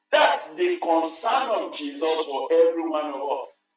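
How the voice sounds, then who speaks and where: A man preaching a sermon, emphatic and repeating his phrases, sometimes rising to a shout. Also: a little high, lively intonation, a little slow. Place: large church hall. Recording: very echoey church hall, mic far off, faint music.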